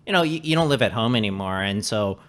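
A man with a somewhat low voice talks in a loose, casual chat. He restarts his sentences often, circles around his point and swears freely as he shares his own stories. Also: expressive, fast talker, a bit bright. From Canada. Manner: rambling, lots of restarts and swearing.

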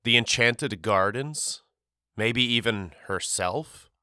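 A man narrating a novel as an audiobook, reading steadily with clear articulation on a close studio microphone. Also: medium pitch, slow, pushed and bright, no room sound. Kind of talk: scripted storybook narration.

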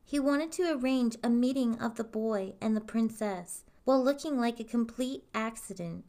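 A woman reading a fairy tale aloud in a calm, even storytelling manner. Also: a little high.

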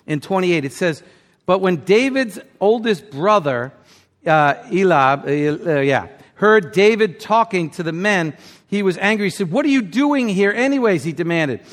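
The long echo of a big hall surrounds this impassioned sermon by a male pastor. His fairly high voice has a fairly bright tone and rises and falls widely, surging to emphatic highs before sinking almost to a murmur.

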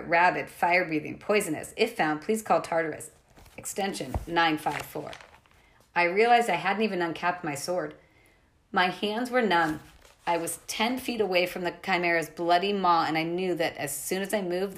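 A woman reading a novel aloud, telling a first-person adventure story with expression. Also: lowish voice. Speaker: audiobook narrator.

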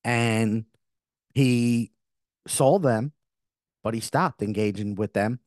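A middle-aged man talks through a spiritual podcast monologue at a middle pitch. His delivery is earnest and meandering, doubling back on himself often. The recording is close and dry, with no room sound. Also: slow, a little mellow, dry recording. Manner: earnest, rambling with frequent restarts. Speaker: podcast host.

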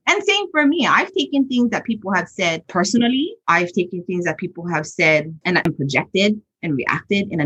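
A woman's voice: mid-range voice, fairly bright tone, husky. A woman who teaches hula, talking earnestly and animatedly in a casual reflective chat and laughing easily. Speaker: podcast co-host, hula teacher. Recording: dull, muffled recording.

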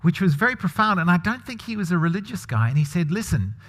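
Preacher with a higher voice in a reverberant hall. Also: male voice, expressive, fast, fairly bright tone. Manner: conversational, asks the congregation questions. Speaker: pastor. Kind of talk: sermon.

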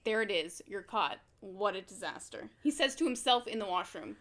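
A woman's voice: mid-range voice, moderate pace. A woman co-hosting a casual chat, animatedly recapping a show and acting out quotes. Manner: animated storyteller, acts out quotes, laughs often. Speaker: podcast co-host.

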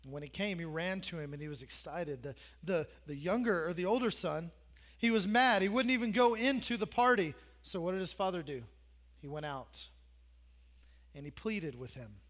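Very high-voiced man preaching casually. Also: expressive, normal speed, a bit bright. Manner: conversational preaching with asides and teasing humor. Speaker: pastor. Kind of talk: sermon.

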